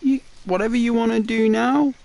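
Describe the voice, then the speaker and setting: A man's voice: very high-pitched, fairly even intonation, moderate pace, creaky, darkish tone. A man chatting casually and playfully with his live viewers as a game streamer, teasing them and rambling with lots of fillers.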